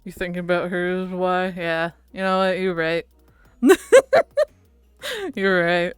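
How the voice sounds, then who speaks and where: A giggly woman streamer rambles through a casual chat with her viewers, laughing often. She talks slowly in a smooth, clear voice, recorded dry over faint background music. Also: fairly low pitch, little pitch movement, no echo.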